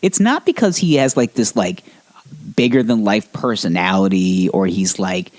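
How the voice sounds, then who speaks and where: Lively rambling podcast guy. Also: lowish voice, normal speed. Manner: rambling, laughing, profane. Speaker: podcast co-host. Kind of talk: casual chat.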